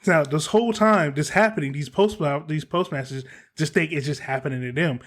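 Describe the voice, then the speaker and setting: A man's voice: a little high, a little fast, a bit bright. A man hosting a casual podcast, telling a story in a heated way and swearing freely. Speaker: podcast host.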